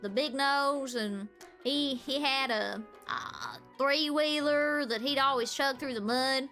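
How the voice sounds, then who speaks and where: A woman's voice: high-pitched, pushed and bright, faint music behind, exaggerated voice. Woman putting on a drawling Southern dad. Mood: rambling. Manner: slow, rambling, folksy drawl. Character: slow-drawling rural Southern dad, rambling.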